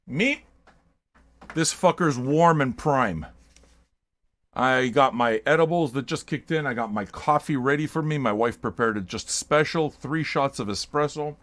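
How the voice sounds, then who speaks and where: An older man hosting a music livestream, talking to viewers in a loud, profane, hyped-up way and sometimes shouting. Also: medium pitch. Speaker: music stream host.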